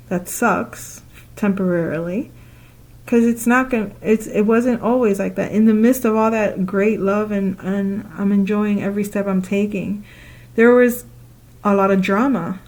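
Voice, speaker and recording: A woman talking casually in a spiritual monologue, animated and playful, acting out her own past thoughts with laughing asides and long loose lists. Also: mid-range voice. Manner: repetitive listing, loose conversational phrasing. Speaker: spiritual speaker.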